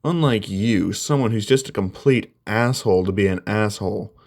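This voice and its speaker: An earnest, friendly teenage hero played by a man, talking sincerely and a little preachy. Low-set voice in a plainly told fan story. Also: moderate pace, darkish tone, lightly acted. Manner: earnest, lecturing.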